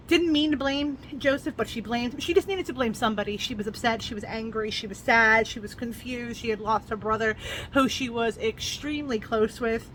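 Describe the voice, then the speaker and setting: A woman's voice: medium pitch, fairly bright tone, a little hiss or hum. A woman talking through a novel's plot in a casual book review vlog, earnest and emotional as she retells it.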